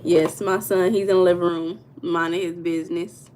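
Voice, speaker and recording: A woman's voice: lowish voice, level tone, normal speed, a little mellow, slight background noise. Chatty American woman on a livestream. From United States. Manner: chatty, reads viewer comments aloud, Southern-style slang. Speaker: tarot reader streaming live. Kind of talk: casual livestream chat. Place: home room.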